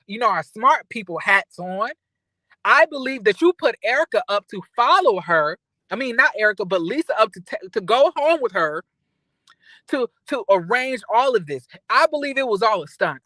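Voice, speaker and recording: A man giving casual recap commentary on reality TV, animated and outraged, ranting with lots of profanity and restarts. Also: very high-pitched, dry recording, low-quality recording.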